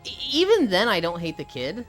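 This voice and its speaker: A woman streamer in casual, rambling live chat, candid and quick to swear. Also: fairly low pitch, wildly swooping pitch, soft background music. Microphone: desk microphone.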